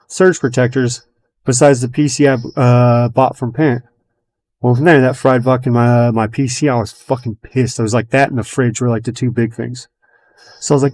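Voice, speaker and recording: A man in a loose podcast conversation, with a voice of middling pitch. He rambles through a long story, swears nearly every sentence, fills gaps with uh and you know, and acts out what others said as he goes. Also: darkish tone. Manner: rambling storyteller, swears constantly, many fillers; retells his own and others' words as quoted dialogue. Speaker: podcast host. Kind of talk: casual chat.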